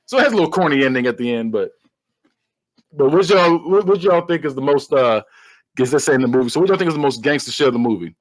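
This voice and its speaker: A man hosting a podcast, retelling a film in casual chat with animated storytelling, frequent laughter and casual swearing. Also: mid-range voice, quick pace, no echo, poor audio. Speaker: podcast host. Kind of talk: casual movie recap chat.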